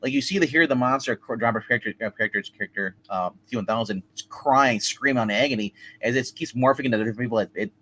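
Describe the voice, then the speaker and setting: A man co-hosting a casual movie review show, talking excitedly in rambling sentences with many restarts. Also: medium pitch, fast, few pauses, poor audio.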